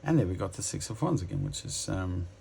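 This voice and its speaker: Low-voiced man musing through a tarot reading. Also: big pitch swings, fast, creaky, warm tone, slight background noise. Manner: musing, hesitant, many fillers and restarts; addresses viewers directly. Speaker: tarot reader.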